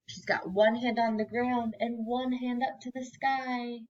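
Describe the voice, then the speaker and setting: A woman teacher reading a picture book aloud to children and guiding them through yoga poses, gentle and encouraging. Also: a little high, flat delivery, muffled recording. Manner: slow, gentle and encouraging, prompting children to join in.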